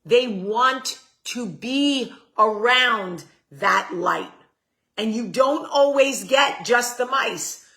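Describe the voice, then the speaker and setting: A woman's voice: on the high side, drawn-out words, bright, forceful tone. A woman hosting a casual livestream, chatting straight to her viewers, answering their comments aloud and swearing casually. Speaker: host.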